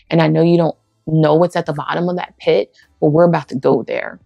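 A woman preaches a personal testimony in a low, gravelly voice, warm and conversational, and now and then she acts out bits of dialogue. The recording is dry and close, and faint music plays softly underneath. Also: no room sound. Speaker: women's ministry speaker.

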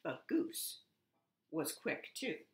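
A woman preschool teacher at home, gently and expressively reading a picture book aloud to children. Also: drawn-out words. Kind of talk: storybook read-aloud for children. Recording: roomy home echo.

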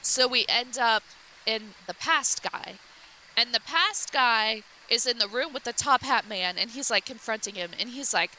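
A woman's voice: on the high side, expressive, a little slow, pushed and bright, slight background noise, poor audio. A woman streamer casually retelling a game's story, rambling with lots of likes and restarts.

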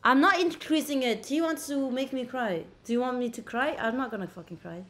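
A woman's voice: on the high side, expressive, brisk. A woman livestreaming casually on a laptop mic, brash and profane, bickering with her chat. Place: indoors at a laptop.

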